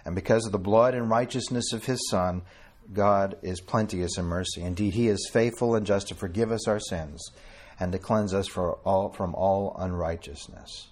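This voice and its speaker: A man's voice: deep voice, moderate pace, darkish tone. A man preaching an informal sermon to a small group, talking conversationally, addressing listeners by name and reading scripture in old-fashioned wording.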